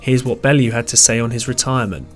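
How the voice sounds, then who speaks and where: A man's voice: medium pitch, quick pace, soft background music. A man who is a sports reporter, narrating a scripted news package in a formal, polished manner.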